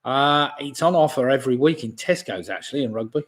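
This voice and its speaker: Lively older Englishman hosting a quiz. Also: medium pitch. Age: 60s. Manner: chatty, chuckles often, asides about beer; reads questions slowly and repeats them. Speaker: pub quiz host. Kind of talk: live-streamed quiz, casual chat.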